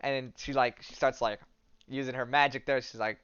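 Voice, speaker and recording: Male podcast host, animated storyteller, smooth voice, dry, slightly dull sound. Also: medium pitch, fairly quick, dry recording. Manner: animated, jokey storyteller with many fillers. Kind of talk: casual chat retelling a comic.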